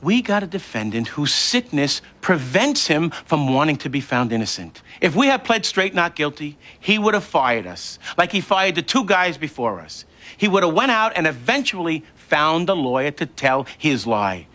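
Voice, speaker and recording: A passionate defense lawyer, lively voice. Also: male voice, fairly high pitch, moderate pace. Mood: persuasive. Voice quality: forceful, persuasive. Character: passionate male defense attorney. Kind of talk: TV legal drama acting.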